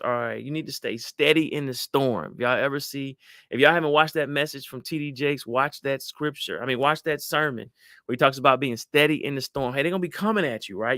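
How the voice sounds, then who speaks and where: A middle-aged man, giving lively motivational advice to an audience and acting out voices. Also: on the high side, dry recording, clean studio sound. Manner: animated, acts out quoted voices, addresses audience as y'all. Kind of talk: motivational talk to a live audience.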